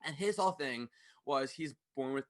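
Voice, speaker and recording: A man hosting a podcast, ranting fast, loud and passionate into a studio microphone, swearing freely. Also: medium pitch, animated. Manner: fast-talking. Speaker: podcast host. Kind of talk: ranting monologue.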